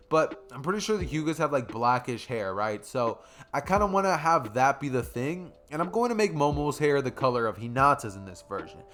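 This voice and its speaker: A man's voice: mid-range voice, a bit bright. A young man casually retelling his own fan story, rambling, slangy and correcting himself as he goes.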